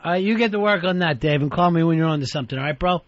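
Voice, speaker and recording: High-voiced man teasing on talk radio. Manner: dry, teasing, quick comebacks. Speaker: radio talk show host. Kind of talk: casual talk radio banter. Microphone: studio microphone. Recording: dull, dry studio broadcast sound.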